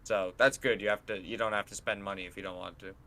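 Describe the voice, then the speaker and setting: A young man co-hosting a casual podcast, telling animated stories, acting out quotes and swearing freely. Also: lowish voice, quick pace. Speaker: podcast co-host and streamer. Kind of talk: casual chat.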